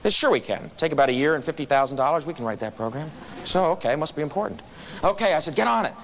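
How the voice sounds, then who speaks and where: A man's voice: a little high, fast talker, slight background noise. A man giving a storytelling speech at a club meeting, acting out the voices of people in his anecdotes. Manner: animated storyteller acting out quotes. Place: meeting room.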